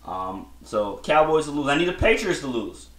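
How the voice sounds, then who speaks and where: A man's voice: on the high side, big pitch swings, normal speed, a bit bright. A man hosting a solo podcast, giving blunt, slangy opinions in a rambling casual chat with many restarts. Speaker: podcast host. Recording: echoey room.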